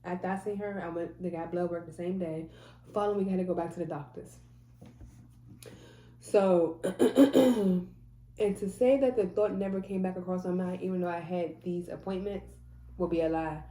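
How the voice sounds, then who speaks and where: A woman's voice: fairly low pitch, fairly even intonation, normal speed, mellow, reverberant. A woman telling a personal faith testimony in a casual, emphatic way, repeating phrases and restarting often. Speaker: mother sharing a faith testimony.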